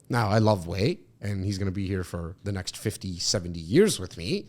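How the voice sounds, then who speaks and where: A man from Canada talks through a listener question on his podcast, the pitch swooping up and down as he goes. His speech is casual and full of restarts and asides. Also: normal speed. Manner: animated, talks in loose restarts. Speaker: podcast host and real estate agent.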